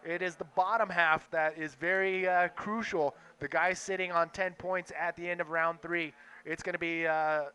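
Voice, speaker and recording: Excitable male play-by-play caller, bright high-set voice. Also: clean tone. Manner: excitable, quick bursts over action. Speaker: play-by-play commentator. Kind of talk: live sports commentary.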